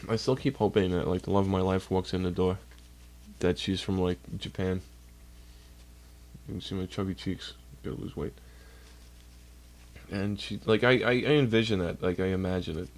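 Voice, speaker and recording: Low-voiced man rambling on stream. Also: fairly even intonation, normal speed, long pauses, a little mellow. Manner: profane, rambling, talks while doing chores. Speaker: livestreamer. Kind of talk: casual rambling stream chat. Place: at home. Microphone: computer mic while streaming.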